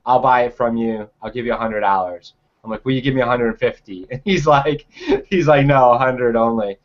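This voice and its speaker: A man's voice: medium pitch, a little fast, dull audio. A young man telling a personal story in a casual, rambling way, full of fillers and restarts.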